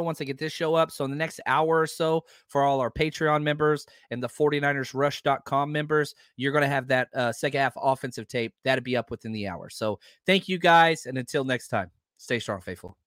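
A man's voice: a little fast, few pauses, no room sound, clean studio sound. Fired-up man ranting on a podcast. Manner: heated, profane, swings between loud outbursts and low asides. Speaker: podcast host. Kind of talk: casual sports podcast rant.

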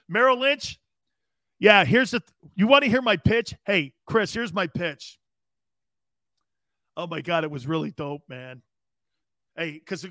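A man in his fifties hosting a live show, chatting casually as an animated storyteller who chuckles often. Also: high-pitched, no echo, studio quality. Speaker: show host. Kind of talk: casual livestream talk.

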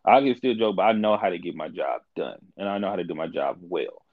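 A man in his twenties in a casual podcast chat, telling a story with lively delivery and acting out the people he quotes. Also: low voice, fairly quick, dry recording, narrow, tinny audio. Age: 20s. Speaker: podcast co-host.

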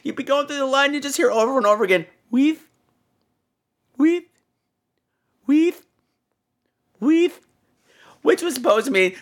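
A man hosting a podcast, telling a story in a theatrical, animated way, full of crude jokes and acted-out voices. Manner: acts out quoted people in higher voices. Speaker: podcast host. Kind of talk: casual storytelling.

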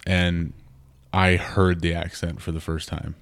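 A man's voice: deep voice, level tone, unhurried, no echo. A man from the Twin Cities with a Minnesotan accent, hosting a podcast in a wry, teasing casual chat. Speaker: podcast host.

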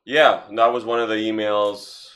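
A man's voice: fairly low pitch, flat delivery, a little slow, fairly bright tone. A man hosting a podcast in casual chat, rambling and profane with lots of fillers. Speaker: podcast host.

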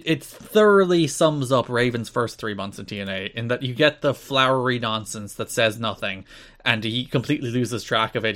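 A man's voice: mid-range voice, fairly bright tone. Wry male podcast co-host. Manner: wry, laughing, slips into exaggerated impressions. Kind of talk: casual wrestling history chat.

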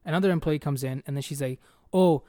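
A young man hosting a podcast races through a story with a mid-range voice, swearing freely, speaking in slang, and saying "bro" to his friend a lot. He's animated throughout, captured in a dry, studio-quality recording.

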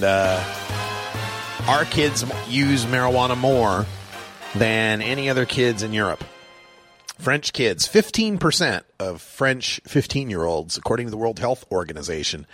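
A man's voice: mid-range voice, no room sound. Sarcastic radio host guy, voice jumps all over, dry studio mic, little music under it. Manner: animated, sarcastic, chuckles often. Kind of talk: talk radio monologue. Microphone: studio microphone.

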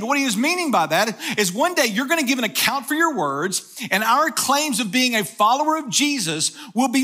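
A man's voice: extremely high pitch, bright, forceful tone. A middle-aged male pastor preaching a sermon, telling a story and then pressing his point with emphatic repetition.

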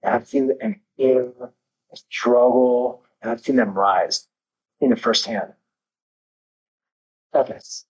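A man's voice: medium pitch, huge pitch swings, takes it slowly, vocal fry, long pauses, darkish tone, slightly rough, highs cut off. A man talking as a podcast guest, intense and emphatic, swearing heavily while he talks candidly about growth. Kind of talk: candid motivational talk.

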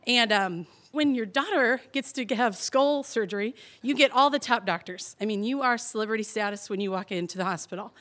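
Chatty young woman, slightly high. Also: brisk, hardly any pauses. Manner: chatty and animated, heavy on "like", laughs through the telling. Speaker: storyteller. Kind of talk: live personal storytelling.

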